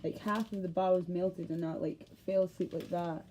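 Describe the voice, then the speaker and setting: A woman's voice: fairly low pitch, fairly even intonation, moderate pace, dark tone, a little hiss or hum. A Scottish woman ranting to camera in a heated, rambling way, swearing and cutting herself off mid-thought. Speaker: vlogger. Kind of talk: casual ranting monologue to camera.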